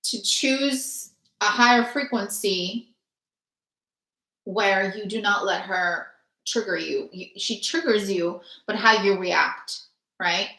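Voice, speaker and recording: A woman's voice: medium pitch, takes it slowly, bright, forceful tone. A woman hosting a spiritual healing session, talking earnestly in long runs full of fillers. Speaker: spiritual healer host. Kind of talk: casual spiritual chat. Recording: echoey room.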